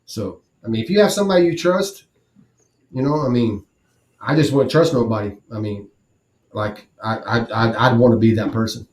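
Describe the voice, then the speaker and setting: A man's voice: medium pitch, moderate pace. A man co-hosting a casual sports talk show, blunt and profane, telling stories with energy. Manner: profane, blunt, animated storytelling. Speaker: podcast co-host. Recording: roomy echo.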